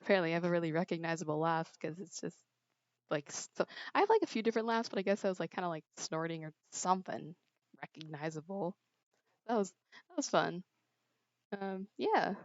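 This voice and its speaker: A woman's voice: fairly low pitch, a little fast, no room sound. A teenage girl chatting and telling a rambling story while she plays a game, giggling often, on a small earbud mic. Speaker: streamer. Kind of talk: casual chat while gaming. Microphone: earbud headset mic. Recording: dry, dull lo-fi earbud mic.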